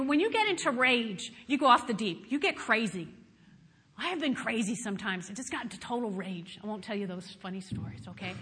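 A bright, high-voiced woman pastor preaches with lively storytelling. She drops to hushed asides and rises to shouted praise, and her voice carries a long hall reverb. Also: slightly rough. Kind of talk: sermon.

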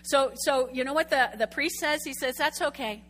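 A woman preaching a sermon to a congregation, telling a story with lively, chatty asides and questions to the room. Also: high-pitched, moderate pace. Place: church sanctuary before a congregation.

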